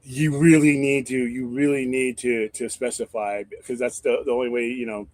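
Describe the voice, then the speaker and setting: A man hosts a casual live-stream chat, wandering from thought to thought with restarts and loose swearing. His voice sits at an ordinary middle pitch. The sound is dry and close, with no room behind it. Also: little pitch movement, moderate pace, darkish tone, no room sound. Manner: rambling, profane, thinks aloud with restarts. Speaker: host.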